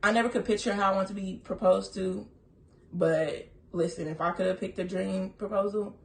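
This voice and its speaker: Young woman co-hosting a couple's vlog, chatty and animated, says "like" constantly, mid voice. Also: mid-range voice, normal speed, creaky. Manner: animated, quotes herself, frequent "like". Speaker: co-host of a couple's channel. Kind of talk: casual storytelling to viewers.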